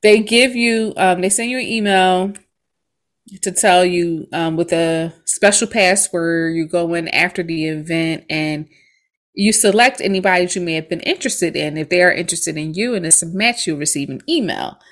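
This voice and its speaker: A woman's voice: fairly low pitch, moderate pace. Chatty woman telling a story, laughing. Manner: animated storytelling, laughs often. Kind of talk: casual chat.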